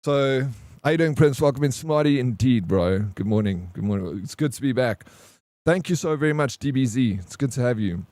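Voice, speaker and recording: A man's voice: mid-range voice, expressive, normal speed, a little mellow, dry recording. A man livestreaming, telling a story in a loose, slangy way, swearing and saying "bro" often while he greets his chat.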